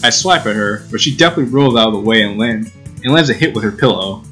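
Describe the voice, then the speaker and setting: A man's voice: fairly low pitch, lively intonation, fast talker, sharp tone, faint music behind, rough recording. Casual man reading a game aloud. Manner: casual, giggly, with restarts and asides. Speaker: let's play host reading a visual novel.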